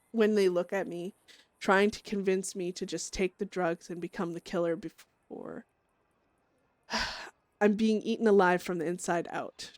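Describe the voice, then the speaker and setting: A woman voicing a grieving, haunted young outlaw woman, reading her journal aloud as a hushed, brooding inner monologue that drops into whispers. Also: lowish voice, no room sound. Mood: tormented.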